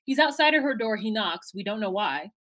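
A woman co-hosting a casual podcast, recapping a reality show in an animated way, laughing and acting out quotes. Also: mid-range voice, fairly quick. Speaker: podcast co-host.

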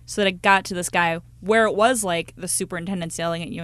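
A woman co-hosting a podcast, chatting casually and rapidly, full of filler words. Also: lowish voice, steady tone, fairly bright tone, no echo. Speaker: podcast co-host. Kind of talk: casual chat.

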